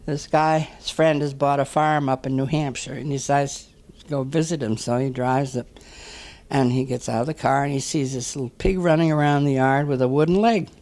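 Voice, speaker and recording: An older man telling a string of jokes as a standup comic, often clearing his throat and laughing at his own punchlines. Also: medium pitch, steady tone, normal speed, a little mellow. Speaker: standup comedian.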